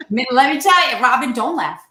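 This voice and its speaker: A woman co-hosting a casual panel chat, telling stories in an animated way with frequent laughs. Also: high-pitched, moderate pace, echoey room, a crowd in the background. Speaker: podcast co-host.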